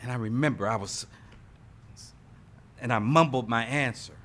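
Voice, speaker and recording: A man telling his recovery story at an AA meeting, talking to the room and building to loud emphatic moments. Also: medium pitch, moderate pace. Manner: lively storyteller addressing the room with "y'all" and "right?"; emphatic, rising to loud punches. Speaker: AA meeting speaker. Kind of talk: recovery testimony to a live audience. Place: meeting hall with live audience.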